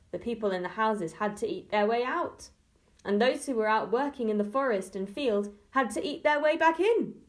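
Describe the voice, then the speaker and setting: Woman, teacher, storybook reading for little kids, slow, expressive, clear, medium pitch. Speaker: early-years teacher. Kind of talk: reading a storybook aloud to young children.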